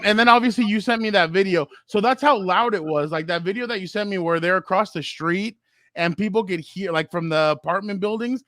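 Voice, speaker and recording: Podcast co-host, man, high-pitched, animated storyteller, dry close mic. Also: no echo. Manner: animated storyteller, acts out quotes. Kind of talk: casual chat.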